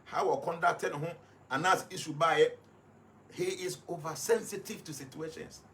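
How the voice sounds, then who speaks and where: A man's voice: fairly high pitch, fairly even intonation, normal speed, a bit bright. A man with a Ghanaian accent, a life coach in casual talk, switching often between English and Twi and repeating words with many fillers.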